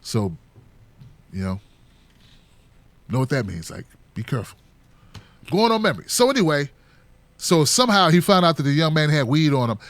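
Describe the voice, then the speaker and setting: A middle-aged man talks through a relaxed solo commentary with a fairly high voice. His delivery is loose and joking, and he keeps slipping into mock voices of other people. The sound is close and dry. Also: moderate pace, pauses often, no room sound. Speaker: political commentary host.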